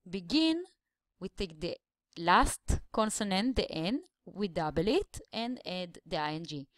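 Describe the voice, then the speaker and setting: A woman's voice: medium pitch, no echo, studio quality. Woman teaching English grammar. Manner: explains slowly, stretching syllables to show stress. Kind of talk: grammar lesson voice-over.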